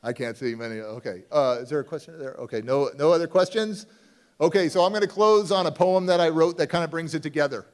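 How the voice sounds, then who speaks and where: A man's voice: fairly high pitch, quick pace. Emphatic male motivational speaker. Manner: storytelling, swings from hushed to loud and emphatic. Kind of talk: live motivational talk. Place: conference hall before an audience.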